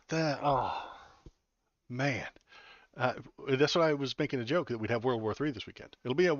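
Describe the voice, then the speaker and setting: A man's voice: medium pitch, no room sound. A male political live streamer giving casual, rambling, sarcastic commentary into a desk mic while wearing headphones. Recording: dull dry home stream audio.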